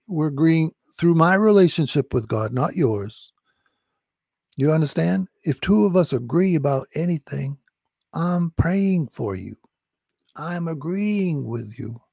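A man's voice: fairly high pitch, animated, measured pace, creaky, darkish tone, no room sound, clean studio sound. A man preaching urgently about salvation and deliverance, pressing the listener to repeat a confession of faith. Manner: urgent, insistent, repetitive exhortation.

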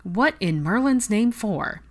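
A woman voicing a proud, prickly young man in a fan fiction audiobook reading, sounding grudging and sardonic in her own low voice. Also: expressive, slow.

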